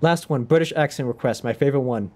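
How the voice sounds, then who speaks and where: A man's voice: mid-range voice, quick pace, darkish tone. A young man streaming a video game, chatting casually in a rambling, self-conscious way. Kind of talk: casual livestream chat.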